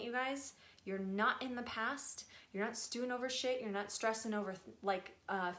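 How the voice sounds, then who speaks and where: A woman's voice: medium pitch, a bit bright, reverberant. A woman speaking casually and earnestly, passing on messages from her spiritual guides and swearing now and then. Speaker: spiritual channeler. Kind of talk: casual channeling talk.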